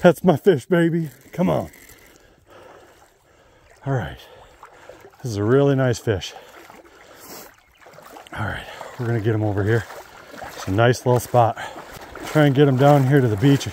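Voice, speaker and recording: A man, an outdoor vlogger talking excitedly to viewers while fishing on a riverbank. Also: medium pitch, unhurried, long pauses, slight background noise. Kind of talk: excited outdoor narration to camera.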